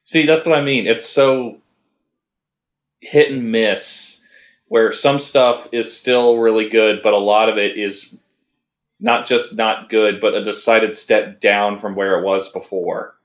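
A man's voice: on the low side, steady tone, takes it slowly, reverberant. A man co-hosting a casual anime review podcast, talking in a rambling, hesitant way with many fillers and restarts. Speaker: podcast co-host.

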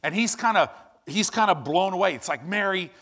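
A man preaching a sermon in an animated, exclamatory way with quick asides. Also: sits high.

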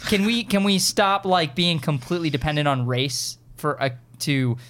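A man co-hosting a casual chat show, excitable and animated, talking fast with many restarts. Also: a little high. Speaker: podcast co-host.

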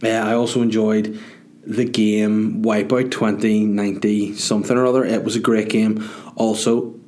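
A Northern Irish man in his thirties talks alone into the mic from his dining room as a podcast host. His voice sits a bit low. He rambles through tangents with self-mocking, sweary jokes. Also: level tone, moderate pace, a little mellow. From Northern Ireland. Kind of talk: solo casual podcast monologue.

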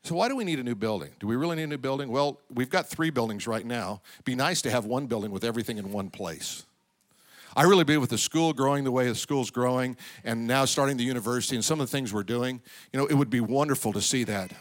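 A man preaching a sermon as pastor of a church. He swings between loud, high exclamations and low, quiet asides. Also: lively intonation, fast.

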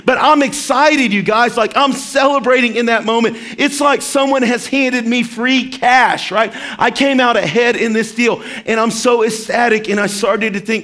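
A man preaching a sermon as pastor, animated and acting out quoted voices. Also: extremely high pitch, normal speed, few pauses.

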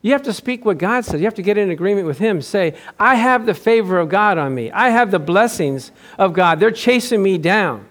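Male pastor, high voice, chatty story sermon, laughs often. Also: lively intonation, fairly quick, hardly any pauses, fairly bright tone.

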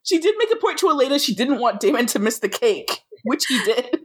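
A woman's voice: high voice, sing-song, fairly quick. A woman co-hosting a podcast, chatting casually with sympathetic asides and teasing comments. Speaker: podcast co-host. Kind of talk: casual recap chat.

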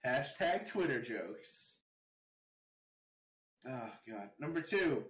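A man's voice: mid-range voice, sing-song, slow pace, a bit bright. A man hosting a casual online podcast interview, joking and breaking into laughter. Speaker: podcast host. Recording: dull lo-fi audio in an echoey room.

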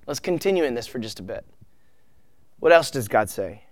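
A man in his thirties preaching a sermon, earnest and emotional, tearful at times, with soft trailing asides. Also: mid-range voice, sing-song, normal speed, dry recording. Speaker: pastor.

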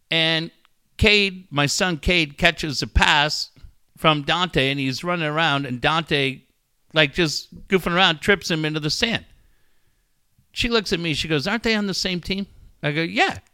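A middle-aged man, a coach and father, telling stories in casual chat, lively and laughing as he acts out what others said. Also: sits high, clean tone. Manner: animated, laughing storyteller who acts out quotes.

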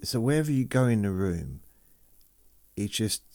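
A man's voice: on the low side, sing-song, normal speed, a little mellow, no echo, clean studio sound. A man hosting a sleep podcast, rambling and self-mocking as he reads listener messages aloud. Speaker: podcast host.

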